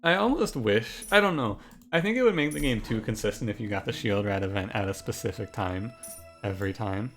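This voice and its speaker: With background music playing, this man talks through gameplay in a loose, jokey, rambling manner, frequently interrupting himself mid-sentence. His voice is lowish, expressive, brisk and fairly bright.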